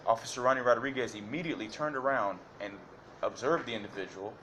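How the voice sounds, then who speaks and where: A man's voice: medium pitch, quick pace, a bit bright, a little hiss or hum. A man giving detailed courtroom testimony to a judge, hesitant and repetitive with many fillers and restarts. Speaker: defendant addressing a judge.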